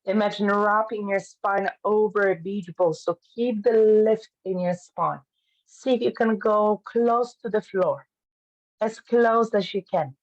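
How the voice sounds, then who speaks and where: A woman leads a pilates class with calm, step-by-step cues. Her voice sits in an ordinary middle pitch. The sound is a little dull and lo-fi. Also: unhurried. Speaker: pilates instructor. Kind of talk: guiding an online fitness class.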